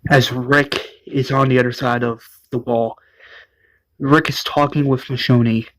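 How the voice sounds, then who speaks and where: A man recaps an episode in a loose, rambling way, often correcting himself. His pitch is average and he talks slowly. The sound is close and dry. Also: flat delivery, a bit bright, dry recording, low-quality recording. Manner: rambling, uses "like" and self-corrections. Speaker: show recap narrator. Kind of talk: casual retelling of an episode.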